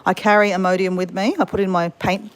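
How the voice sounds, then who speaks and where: A woman's voice: mid-range voice, level tone, a little fast. Chatty woman vlogging to camera. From Australia. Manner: chatty, rambling, addresses viewers as guys. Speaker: travel vlogger. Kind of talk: casual vlog chat to camera. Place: hotel room in Bali.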